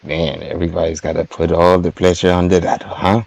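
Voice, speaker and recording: A man playing in a tabletop game, thinking aloud in an unhurried way. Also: low-pitched, level tone, creaky, a little mellow, a little hiss or hum. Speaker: player. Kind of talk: casual tabletop game chat.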